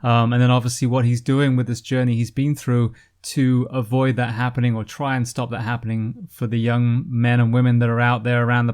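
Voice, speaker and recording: Male podcast host, mid-pitched, earnest and emphatic, filler-heavy delivery. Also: a little mellow. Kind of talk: podcast intro and interview.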